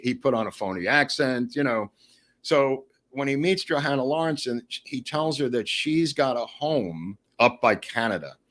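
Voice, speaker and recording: A man chatting as a podcast guest, telling animated, rambling stories to the host. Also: medium pitch. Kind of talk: casual storytelling.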